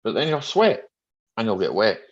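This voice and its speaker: Middle-aged mechanic jokin around on a live chat, kinda low voice, muffled lo-fi sound. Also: male voice, sing-song, normal speed. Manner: rambling, joking, chatty with viewers by name. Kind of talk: casual livestream chat reading viewer comments. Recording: dull lo-fi stream audio.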